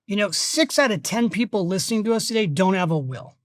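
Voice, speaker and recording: A middle-aged man, a guest on a podcast interview, who talks about money in an emphatic, energetic way and tells stories as he goes. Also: high-pitched, fairly quick, hardly any pauses, no room sound, studio quality. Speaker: guest, financial author.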